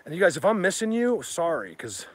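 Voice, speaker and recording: A man hosting a casual livestream from outdoors in the rain, talking excitedly to viewers through a handheld phone as he walks. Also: high voice, brisk. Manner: rambling, excitable, addresses viewers. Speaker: livestream host. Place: outdoors in woods during rain.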